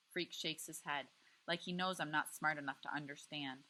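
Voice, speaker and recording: A woman teacher reading a novel aloud to a class with expressive, lively storytelling. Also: sits low, moderate pace, low-quality recording.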